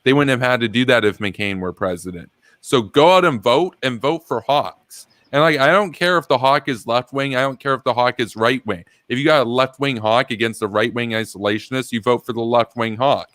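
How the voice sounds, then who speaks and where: Guy hosting a political stream, mid pitch, dry close sound, animated, laughs a lot. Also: brisk, no echo. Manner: animated, reads chat aloud, laughs often. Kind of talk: casual political commentary.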